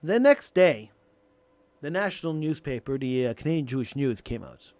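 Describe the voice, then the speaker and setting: A male radio talk show host delivering an impassioned, emphatic monologue, building to near-shouting on key points. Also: mid-range voice, sing-song, normal speed, no room sound.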